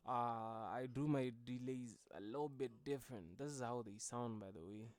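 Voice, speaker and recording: A man's voice: medium pitch, moderate pace, no echo. A man, a music producer, talking through his vocal mix in a loose, casual tutorial way with many fillers. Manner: laid-back, loose, with frequent fillers.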